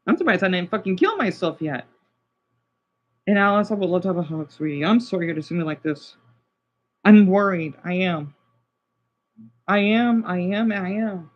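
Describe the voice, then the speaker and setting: A man's voice: sits high, expressive, normal speed, long pauses. Agitated man on a lo-fi livestream. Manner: agitated, swearing, talking to chat. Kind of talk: casual livestream chat.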